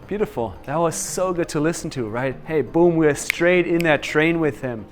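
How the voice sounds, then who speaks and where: A man leading a storytelling workshop, energetic and quizzing his audience. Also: a little high, normal speed, few pauses, a loud crowd, very noisy. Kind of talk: interactive workshop teaching.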